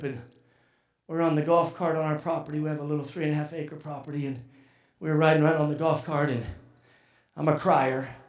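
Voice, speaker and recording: An older man preaching a sermon, moving between shouting and hushed, tearful passages. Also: a little high, creaky. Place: large civic center banquet hall. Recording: echoey hall from far off.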